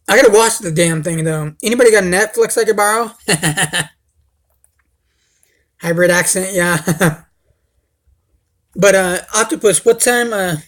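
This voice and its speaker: A man's voice: high-pitched, a bit bright. Rambling guy on a livestream. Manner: rambling, profane, says dude a lot. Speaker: livestream host. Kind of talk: casual livestream chat.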